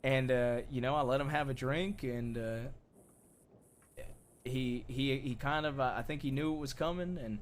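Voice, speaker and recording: A young man telling a rough, profane outlaw story in character during a roleplay game, sinking low and quiet at the grim parts. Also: moderate pace, slight background noise.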